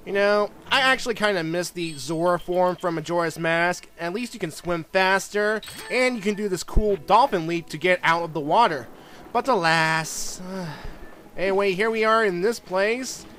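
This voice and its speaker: A man with a high voice talks over gameplay as a let's play host. He rambles through his commentary and often groans in disgust. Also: normal speed, a bit bright.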